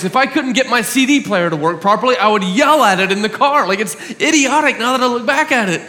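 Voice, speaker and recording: High-voiced pastor preaching in a reverberant hall. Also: male voice, lively intonation, quick pace, hardly any pauses, pushed and bright. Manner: earnest, storytelling with self-mocking humor. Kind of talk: sermon. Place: church hall.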